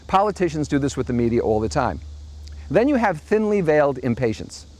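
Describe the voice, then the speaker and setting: A man's voice: on the high side, sing-song, fairly quick, a little mellow. A middle-aged man hosting a monthly opinion commentary, delivering a sardonic, mocking monologue. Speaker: host.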